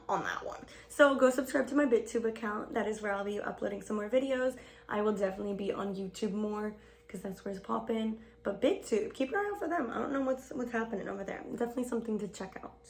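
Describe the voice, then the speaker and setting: A woman's voice: medium pitch, quick pace, vocal fry. A woman in her twenties vlogging a casual get-ready-with-me chat, rambling and swearing, saying "like" a lot and laughing often.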